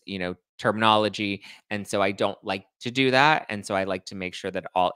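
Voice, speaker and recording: A man's voice: low voice, bright, forceful tone, clear, resonant tone, dry recording. A young man hosting a podcast livestream, chatting casually and reading out viewer comments, with a slight lisp. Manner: chatty, rambling, self-deprecating. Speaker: podcast host reading live chat.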